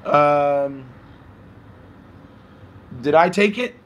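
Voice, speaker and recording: A hoarse man hosting a casual live stream, chatting, reading viewer comments aloud and laughing often. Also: on the high side, very slow, a bit bright, slight background noise. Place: at home by a balcony.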